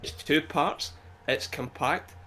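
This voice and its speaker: A man's voice: a little high, slow pace, bright, forceful tone. A man with a Scottish accent chatting eagerly on a podcast, often restarting his sentences. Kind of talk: casual podcast chat.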